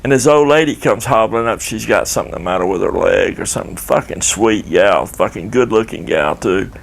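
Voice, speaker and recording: A man's voice: on the low side, a little fast, creaky. An older man telling a rambling, profane story in a laid-back, casual way.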